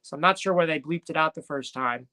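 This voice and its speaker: A man's voice: a little high, brisk, bright, forceful tone. A man co-hosting a casual wrestling recap, rambling and joking and correcting himself as he goes. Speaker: podcast co-host.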